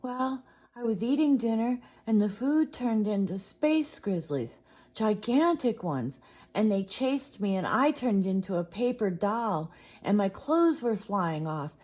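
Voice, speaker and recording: A woman's voice: mid-range voice, lively intonation, a little slow, darkish tone, voice pushed up. A woman voicing a panicked little boy bear cub from a storybook, shrieking and frantic. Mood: upset.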